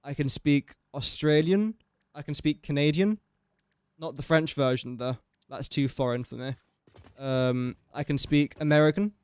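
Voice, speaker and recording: A man's voice: on the high side, unhurried, darkish tone, clear, resonant tone, no room sound. A young man casually commentating his gameplay on a livestream, chatty and joking at his own expense. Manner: chatty, self-mocking, joking asides. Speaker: gaming livestreamer.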